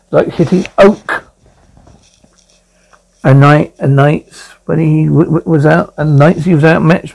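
A man's voice: fairly high pitch, vocal fry, darkish tone, low-quality recording. A man voicing a brooding young blind lawyer at confession, stammering through his memories in an amateur audio drama.

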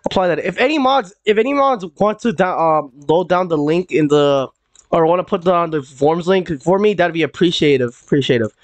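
A man's voice: on the high side, a little fast, dry recording. A young man streaming a game live, chatting loosely with many fillers, restarts and repeated words. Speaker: gaming streamer. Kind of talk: casual live-stream chat while gaming.

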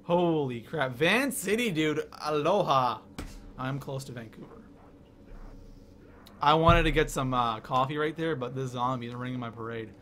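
A young man from Canada hosting a live game stream, excitedly reading the chat out loud. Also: mid-range voice, normal speed, a little hiss or hum.

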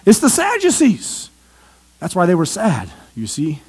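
High-voiced man preaching a sermon. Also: huge pitch swings, measured pace, husky. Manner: emphatic, swings from loud to hushed, asks and answers questions. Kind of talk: evangelistic sermon. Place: church.

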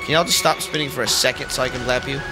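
A man hosting a let's play, giving excitable, joking gameplay commentary and swearing often. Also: medium pitch, rapid-fire. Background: game music.

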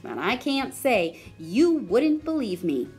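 A woman voicing an eager, excitable little girl on an adventure. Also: slow, husky, faint music behind, full character voice. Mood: excited. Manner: high and excitable.

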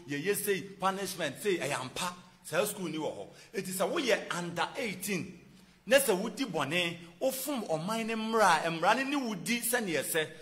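A man from Ghana giving a spoken lesson to viewers, emphatic and rhetorical, swinging between loud stressed points and hushed asides. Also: high voice. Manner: rhetorical, asks and answers his own questions. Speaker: church presenter teaching about prisons.

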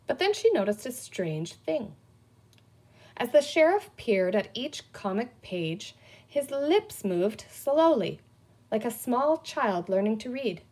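A woman's voice: fairly high pitch, slightly rough. A woman reading a children's book aloud, telling it expressively. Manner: expressive storytelling. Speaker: reader.

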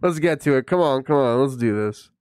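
A man talks casually to his stream audience, swearing and laughing as he mocks what he watches. His pitch swings in an animated way from line to line. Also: a little fast, clear, resonant tone, dry recording, clean studio sound. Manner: laughing, mocking, profane. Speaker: streamer reacting to videos. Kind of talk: casual live-stream commentary.

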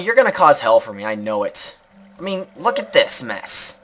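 A man giving let's play commentary, rambling to himself and the game with sudden loud outbursts. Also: medium pitch, big pitch swings, unhurried, pauses often, a little hiss or hum. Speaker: gaming video creator.

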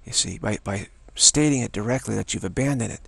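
A man's voice: fairly low pitch, fairly quick, gravelly, breathy edge, no room sound. A man giving a meandering, informal dharma talk as a spiritual teacher, often repeating phrases like a chant.

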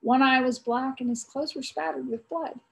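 High-voiced woman reading a storybook. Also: fairly even intonation, gravelly, background noise. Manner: storytelling, pausing to quiz listeners. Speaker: aunt reading aloud to children. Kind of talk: reading a chapter book aloud.

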